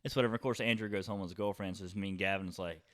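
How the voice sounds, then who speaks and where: Rambling bright-voiced man. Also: low voice, fairly even intonation, racing. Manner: rambling, heavy fillers like "you know" and "whatever". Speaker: podcast co-host telling a story. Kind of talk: casual storytelling chat.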